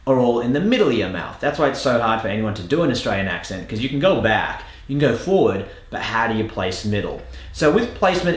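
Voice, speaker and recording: A man teaching an accent lesson as a coach, explaining drills with an emphatic, lively delivery. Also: medium pitch. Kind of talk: instructional lesson. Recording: echoey room.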